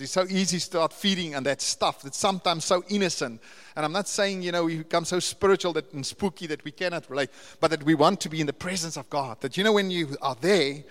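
A man with a fairly high voice, preaching a sermon in a church. He talks conversationally, then presses his points in emphatic repeated lists. His voice carries a long hall reverb. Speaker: pastor.

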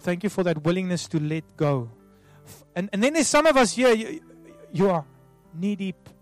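A man as a pastor leading an altar call prayer, soft and pleading, repeating himself with many restarts. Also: sits high. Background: soft music.

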